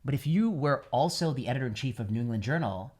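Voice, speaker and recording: A man, a physician hosting a podcast, musing in casual chat with halting phrasing and many fillers. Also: mid-range voice, lively intonation, darkish tone.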